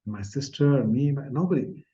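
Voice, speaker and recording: A man in his sixties from India, a podcast guest telling a personal story in an earnest, soft-spoken way that trails off at the ends of phrases. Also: medium pitch, expressive, normal speed, highs cut off. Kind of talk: reflective storytelling in an interview.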